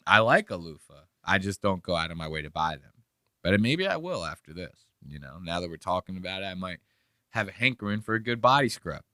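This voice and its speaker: A man's voice: fairly low pitch, pushed and bright, clear, resonant tone, no room sound, clean studio sound. A man hosting a podcast, chatting in a rambling, joking and profane way. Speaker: podcast host. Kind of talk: casual podcast commentary.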